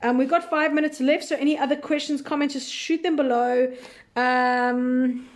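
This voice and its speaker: A woman's voice: high-pitched, fairly even intonation, moderate pace. A woman hosting a live recap chat, thinking aloud with many fillers and answering viewer questions in a loose, unsure way.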